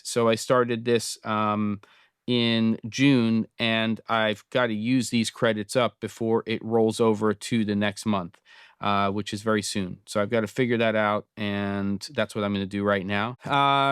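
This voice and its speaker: A man's voice: lowish voice, unhurried, smooth, no room sound, clean studio sound. A man in his fifties from Britain hosting a casual tutorial, thinking aloud with frequent ums. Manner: relaxed, thinking aloud with many fillers. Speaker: host. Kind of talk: casual screen-recorded tutorial.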